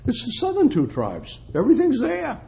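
A man preaching an expository sermon, reading scripture aloud as he goes. His delivery swings from loud, emphatic peaks down to low, quiet stretches. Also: wildly swooping pitch, moderate pace, creaky.

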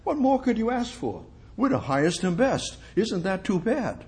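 A smug boastful ant, as a preacher puts it on. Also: male voice, sits high, sing-song, normal speed, a little mellow, voice pushed up. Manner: boastful, self-satisfied. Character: smug talking ant, proud of its kind.

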